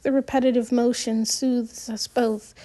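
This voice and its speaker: A woman narrating an audiobook in the first person, reading gently with the odd restart. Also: on the high side, flat delivery, measured pace.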